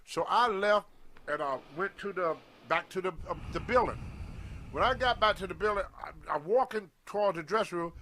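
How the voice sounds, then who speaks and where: Older man with a high voice. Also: normal speed. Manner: animated anecdote, acting out quoted lines. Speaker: guest storyteller on a wrestling show. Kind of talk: casual storytelling.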